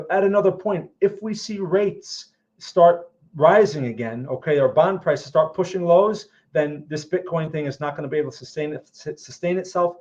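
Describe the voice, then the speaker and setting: A man's voice: a little high, darkish tone. A man hosting a live trading stream, explaining charts in a casual way and often checking in with "okay?" and "right?". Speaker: trading livestream host. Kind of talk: casual live market commentary. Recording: muffled lo-fi audio.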